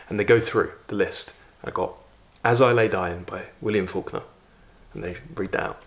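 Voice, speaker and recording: A man's voice: lowish voice, moderate pace. A man, vividly retelling a personal story in a casual video, with frequent fillers. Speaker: YouTube host. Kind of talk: storytelling vlog.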